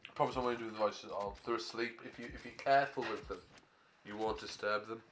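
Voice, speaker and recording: A man casting a live video game match, switching between rambling casual chat and quick play-by-play calls. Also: on the low side, steady tone, a bit bright, slight background noise. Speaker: esports caster.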